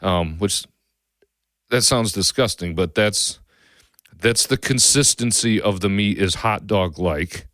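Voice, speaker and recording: Folksy male podcast host, very deep voice, dry booth sound, loose rambling delivery. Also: takes it slowly, a bit bright, dry recording. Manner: rambling, folksy, lots of restarts and fillers. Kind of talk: casual cooking podcast talk.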